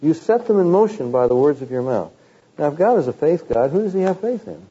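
A man preaching a sermon, animated, with rising emphasis and mocking quotes of the teachers he criticizes. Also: a little high, fairly quick, breathy edge, lo-fi sound.

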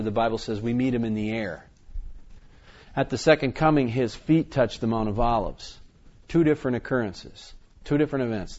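A middle-aged pastor preaching a sermon, reading scripture slowly and with emphasis, then explaining in a relaxed, conversational way. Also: male voice, medium pitch, highs cut off.

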